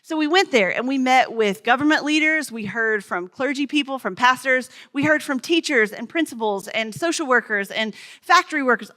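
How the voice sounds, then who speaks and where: Speaking in a high-pitched, sharp-toned voice, a woman pastor from the Smoky Mountains, USA, delivers a conversational sermon. She tells stories and talks with children.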